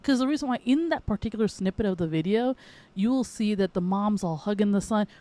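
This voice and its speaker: Rambling woman podcaster with mellow tone. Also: mid-range voice, lively intonation, fairly quick, no room sound. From northeastern United States. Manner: rambling, self-correcting, laughs often. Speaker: podcast host. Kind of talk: casual solo podcast chat.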